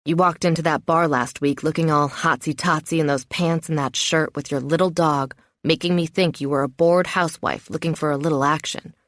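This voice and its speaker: A teasing, playful male lover, his voice dropped low and hushed, as a woman narrator puts him on. He speaks softly and close in a dry, deadened sound. It is an audiobook reading with a lowered, slightly dark tone. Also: fairly even intonation, a little fast, few pauses, no echo.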